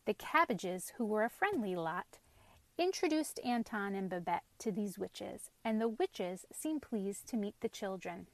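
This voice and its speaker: A woman narrating a children's storybook aloud in a lively, expressive way. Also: medium pitch, measured pace, dry recording.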